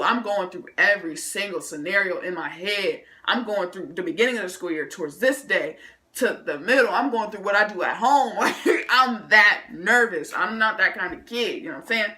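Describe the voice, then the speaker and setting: A woman vlogger tells a school story in a casual, animated, slangy style. She adds her own vocal sound effects along the way. Her voice is bright and forceful, set at a middle pitch. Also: brisk.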